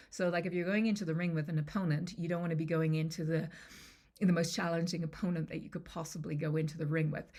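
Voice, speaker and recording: A woman's voice: fairly low pitch, creaky, darkish tone. A woman confidence coach teaching a lesson to camera in a conversational way, often checking in with the listener.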